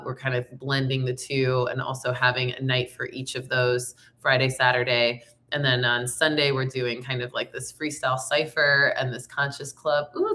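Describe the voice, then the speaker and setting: A young woman with a raspy voice from laryngitis, chatting upbeat and slangy as a tarot reader and singer in a casual spiritual vlog. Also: rumbling low, pushed and bright.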